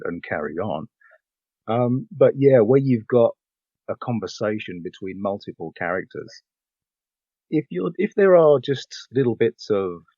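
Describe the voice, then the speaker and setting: A man's voice: sits low, a little mellow, husky, no echo, highs cut off. An English man, a voiceover actor, talking casually as a podcast guest, with lots of fillers, restarts and laughter. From England. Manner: chatty, laughs often, many fillers and restarts.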